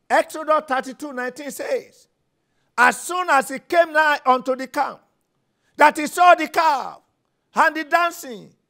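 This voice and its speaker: Nigerian male pastor, high bright voice, fervent preacher who repeats commands and builds to shouts. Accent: Nigerian English. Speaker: pastor leading prayer. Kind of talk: sermon and prayer session.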